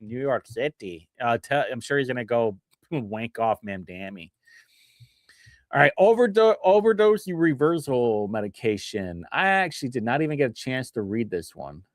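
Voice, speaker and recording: A male livestream host who reads bill text aloud and mocks it in casual commentary, chuckling often, with big swings in pitch. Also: very animated, normal speed, no echo, clean studio sound. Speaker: livestream host reviewing state bills.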